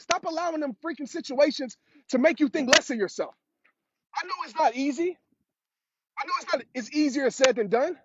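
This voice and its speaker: Outdoors on a road, a motivational speaker with a very high male voice preaches, hammering his points home by repeating phrases. The audio is dull and lo-fi, with a clear, steady hiss underneath.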